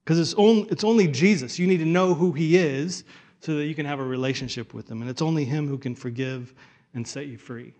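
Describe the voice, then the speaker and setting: A man's voice: on the high side, brisk. Earnest, conversational male preacher. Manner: earnest, conversational, trailing off softly at phrase ends. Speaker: pastor. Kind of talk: sermon.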